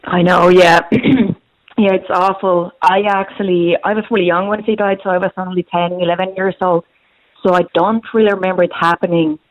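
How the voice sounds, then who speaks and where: A woman's voice: lowish voice, little pitch movement, a little fast, low-quality recording. A young woman in her twenties calling in to a radio show, talking casually and a little hesitantly. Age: 20s. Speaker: caller. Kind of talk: casual phone-in chat.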